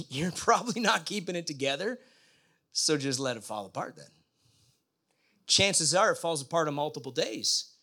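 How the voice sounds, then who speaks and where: A man's voice: fairly high pitch, lively intonation, normal speed, long pauses, sharp tone. A middle-aged man preaching a sermon in a conversational way, often putting questions to the congregation. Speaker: pastor.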